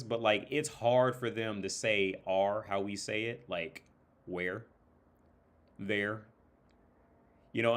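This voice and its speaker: The livestream host here is a man with a lowish, fairly bright voice. His delivery is casual and meandering, peppered with profanity and fillers, and he breaks into mock British and Irish accents.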